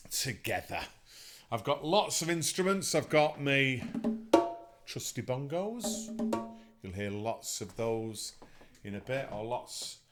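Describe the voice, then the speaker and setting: A man's voice: mid-range voice, fairly bright tone. A man teaching an online music lesson to children, upbeat and encouraging as he counts them in. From England.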